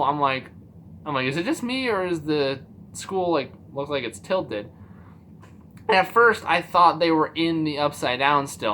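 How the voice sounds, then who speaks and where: Bright-voiced animated male TV reviewer. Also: mid-range voice, a little hiss or hum. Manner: animated, acts out his own reactions in quotes; loose and profane, many fillers. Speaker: TV series reviewer. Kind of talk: casual spoiler review chat.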